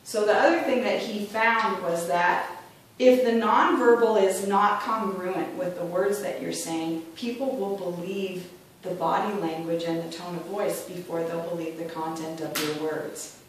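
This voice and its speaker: A woman's voice: lowish voice, steady tone, a little slow, far from the mic, slight background noise. Chatty woman in an echoey room. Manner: chatty, acts out voices when quoting. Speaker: club speaker. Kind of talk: prepared club speech.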